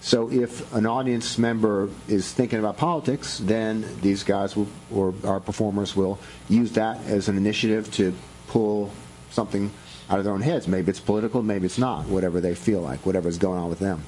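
A man's voice: fairly low pitch, steady tone, normal speed, darkish tone, a little hiss or hum, rough recording. A man who runs an improv school, explaining it at length on a radio show, with many fillers.

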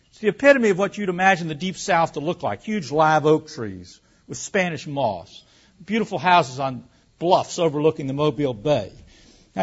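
Man, high voice, lively public speaker on a dull lo-fi recording. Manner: animated storyteller, rhetorical questions, occasional restarts. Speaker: speaker giving a talk on land use. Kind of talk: public talk to an audience.

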